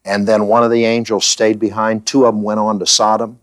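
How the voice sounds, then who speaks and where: A man's voice: lowish voice, little pitch movement, a little fast, no room sound. A man preaching in conversational Bible-teaching style, who asks the listeners questions and fills gaps with "uh".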